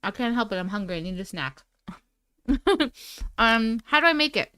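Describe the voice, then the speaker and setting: A woman's voice: fairly high pitch, lively intonation, normal speed, fairly bright tone, clean tone, dry recording. A woman hosting a casual livestream, greeting chatters by name in a playful, sing-song way while snacking. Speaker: livestream host.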